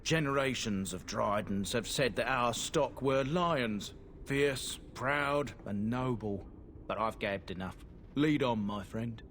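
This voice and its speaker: A man's voice: mid-range voice, takes it slowly, fairly bright tone, slight background noise. An actor voicing a humble, friendly man proud of his fallen ancestors, speaking modestly and earnestly in video game dialogue.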